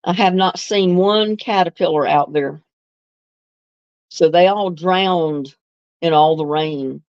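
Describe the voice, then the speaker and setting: A woman's voice: lowish voice, takes it slowly, darkish tone, dry recording, lo-fi sound. A woman hosts a casual live stream, chatting easily with viewers and laughing often. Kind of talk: casual live chat answering viewer comments.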